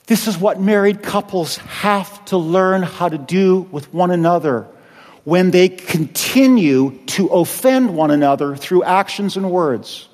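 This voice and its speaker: A man's voice: high-pitched, unhurried, a little mellow, long reverb tail. A male pastor preaching a sermon, acting out the people he quotes.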